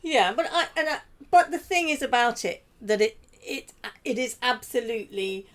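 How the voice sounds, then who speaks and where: A woman's voice: fairly high pitch, lively intonation, moderate pace, a bit bright. A woman hosting a podcast interview, asking the cast questions and encouraging them with laughter. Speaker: podcast host.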